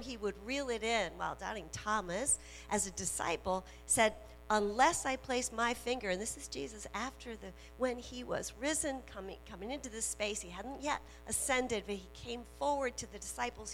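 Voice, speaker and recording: A woman minister preaching a sermon in a slow, emphatic way, repeating her key phrases. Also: fairly high pitch, fairly bright tone. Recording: reverberant hall with faint music and hum.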